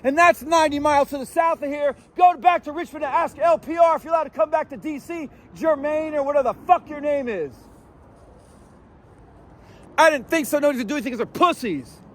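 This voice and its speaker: A man's voice: very high voice, fairly quick, a bit bright, a little hiss or hum. A man filming his own vlog outdoors on a city street, ranting at someone in a profane, confrontational way. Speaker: vlogger. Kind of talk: angry street rant.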